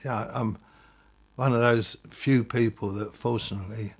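A songwriter with a husky, gravelly voice tells an anecdote in an interview. He is self-deprecating about his own work. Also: mid-range voice, fairly even intonation, unhurried.

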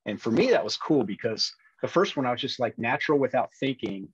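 A man's voice: mid-range voice, animated, fairly quick, slightly rough, dry recording, muffled recording. A man who is an actor and former police officer, talking earnestly in a casual interview and rambling with many restarts.

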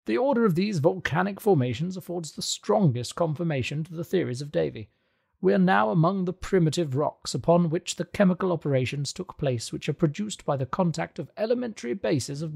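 An excitable older professor who lectures with booming confidence, as a male narrator puts him on. His voice sits higher and louder than the reader's own, with a husky edge, and he speaks in emphatic, lecturing bursts. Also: exaggerated voice. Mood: confident.

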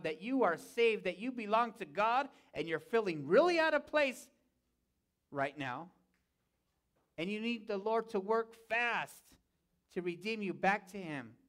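High-voiced man preaching a sermon. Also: fairly bright tone. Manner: preaching with repeated calls of "Amen?" to the congregation. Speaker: pastor. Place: church sanctuary.

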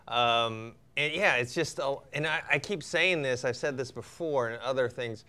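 A man's voice: medium pitch, moderate pace, bright, forceful tone, clean tone. Rambling man reviewing a film. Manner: rambling, lots of "like" and restarts. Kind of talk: casual film review chat.

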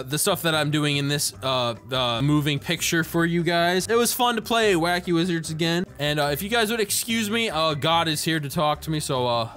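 A man giving goofy, excitable let's-play commentary, yelling and joking at other players. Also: sits high. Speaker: gaming YouTuber.

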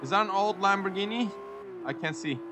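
Excitable young man commenting on a racing game. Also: sits high, a little fast, over music. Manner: excitable, giggly, jokey running chatter. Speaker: gaming YouTuber. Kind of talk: casual gameplay commentary.

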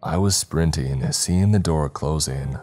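A man narrating a horror story in a slow, measured, dramatic reading. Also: extremely low pitch, darkish tone. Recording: faint background music.

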